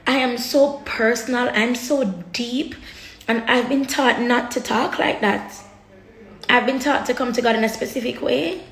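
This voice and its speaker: A woman vlogger with a fairly high, gravelly voice speaks frankly to her viewers on camera, emotional and blunt, cursing freely. She frequently repeats herself as she gropes for words, and her voice bounces around an echoey room.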